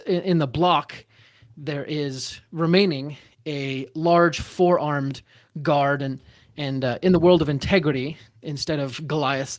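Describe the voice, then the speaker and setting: A male game master narrates a tabletop one-shot in a halting way, stopping and restarting often between his fillers. His voice sits slightly high and sounds dry and close. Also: no echo.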